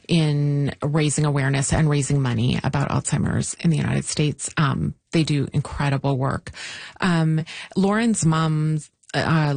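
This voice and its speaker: Low-voiced woman, earnest with many ums. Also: a little mellow, no echo. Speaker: filmmaker guest. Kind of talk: casual interview answers.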